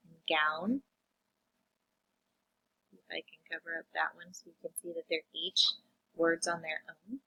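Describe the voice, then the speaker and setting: A woman teacher reviewing vocabulary and phonics with young children, sounding words out slowly and asking them questions. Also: on the low side, a bit bright, lo-fi sound. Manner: slow, drawn-out phonics sounding-out, addressing kids.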